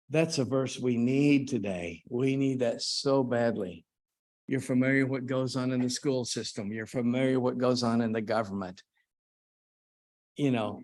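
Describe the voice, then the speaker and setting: A man preaching to a church congregation in an unhurried, conversational way, with restarts and asides to the listeners. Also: mid-range voice. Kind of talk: church class talk on hymns. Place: church auditorium.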